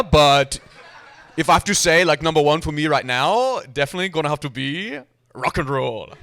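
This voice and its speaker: A man's voice: on the high side, a bit bright, pitched above the performer's own voice. A man voicing an eager, foreign-accented female coworker who talks in broken grammar and piles up "like" and "very".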